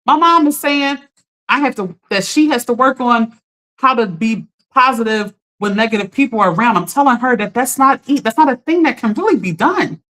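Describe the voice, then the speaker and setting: A woman's voice: on the high side, lively intonation, normal speed, sharp tone. A woman giving an emphatic, encouraging motivational talk as a life coach, speaking straight to her live-stream viewers as "y'all.". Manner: earnest and encouraging, greeting viewers by name.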